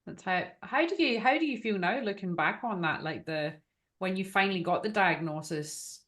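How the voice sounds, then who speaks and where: A woman with an Australian accent hosting an interview, asking gentle probing questions. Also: medium pitch, moderate pace. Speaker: interview host.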